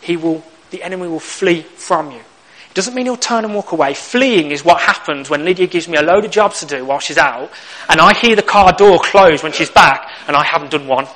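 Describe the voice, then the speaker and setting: A man's voice: fairly high pitch, a little fast, fairly bright tone, rough recording. A young man preaching a sermon, telling stories with humor and acting out little exchanges. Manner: humorous storytelling, acts out lines.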